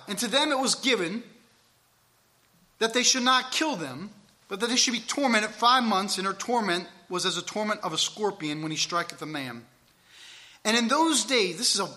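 Guy preaching, kinda high voice, bright and forceful, gets loud then drops real soft. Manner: emphatic, swings between loud and soft. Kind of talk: sermon with scripture reading.

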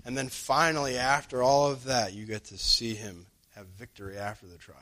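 A man preaching a sermon in a conversational way. He slows down to stress key lines and jumps up in pitch when he acts out what other people say. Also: flat delivery, fairly bright tone.

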